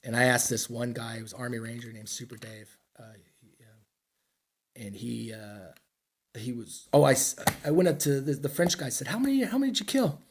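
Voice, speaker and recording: There's slight background noise as a middle-aged man from the US, a military veteran, talks at a moderate pace in a mid-range voice. As a podcast guest in a casual interview, he tells war stories bluntly and profanely, rambling and mocking himself.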